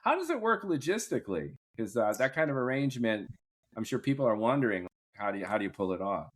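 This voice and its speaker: A man hosting a podcast, asking questions in a lively, jokey way during a casual interview. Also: mid-range voice, fast talker. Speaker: podcast host.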